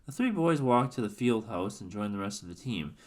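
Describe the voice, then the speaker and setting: A man reads a book aloud in a casual, easygoing way. His voice sits on the low side. He sometimes trips over a word and corrects himself as he goes. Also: big pitch swings, fairly quick. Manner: stumbles and self-corrects, offhand asides. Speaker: streamer reading a book aloud. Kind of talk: casual read-aloud narration.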